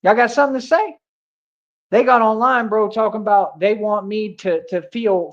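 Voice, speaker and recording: A man ranting on a livestream, confrontational and taunting, with heavy street slang. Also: high-pitched. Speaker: streamer. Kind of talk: livestream rant. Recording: dull lo-fi audio.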